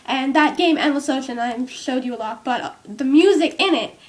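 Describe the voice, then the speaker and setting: A young woman talks to her viewers in a high, light voice. She rambles in easy casual chat, full of fillers and "like". It's recorded at home on a cheap microphone with its top broken off. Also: moderate pace. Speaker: vlogger.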